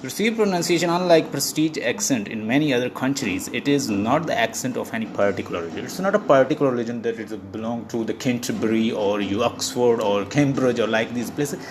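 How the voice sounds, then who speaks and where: A man teaching an online lesson, restating each point in several ways and often pausing on "uh" and "you know". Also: mid-range voice, lively intonation, background noise. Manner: explains by repeating points, with many fillers like uh and you know. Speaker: English teacher. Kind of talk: online lecture.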